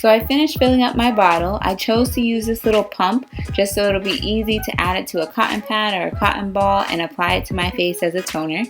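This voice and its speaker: A woman's voice: mid-range voice, steady tone, brisk, hardly any pauses. Woman doing a chill diy beauty vlog, explains each step, little music in the back. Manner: friendly, step-by-step, self-deprecating. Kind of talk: casual how-to explanation.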